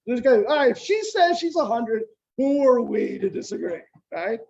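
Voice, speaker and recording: A man in his sixties tells history as lively stories, stumbling through fillers and restarts. His voice is soft and warm. It sounds distant and muffled, as if picked up by a computer mic on a remote talk. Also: extremely high pitch, normal speed, gravelly. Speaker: guest lecturer, historian and journalist. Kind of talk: informal history lecture.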